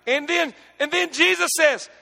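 Dramatic preacher man with a gravelly voice. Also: very high voice, moderate pace, in a large hall. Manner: dramatic, swings between shouting and near-hushed speech. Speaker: pastor. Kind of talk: sermon.

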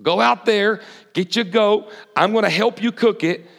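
A preacher voicing a bossy, plotting mother who briskly gives instructions. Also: high voice, creaky, fairly bright tone, in a large hall, voice pushed up, exaggerated voice.

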